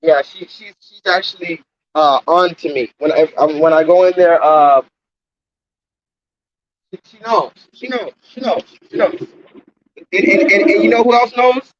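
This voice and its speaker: A man rants on a live stream from outdoors near a coffee shop, phone held out at arm's length, agitated, repetitive and swearing a lot. His high voice is unhurried with long pauses, and the audio sounds dull.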